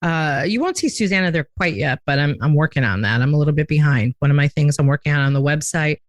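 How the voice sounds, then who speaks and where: A woman hosting a podcast in casual, playful chat, talking quickly with lots of "like". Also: low-pitched, animated, no room sound. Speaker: podcast host.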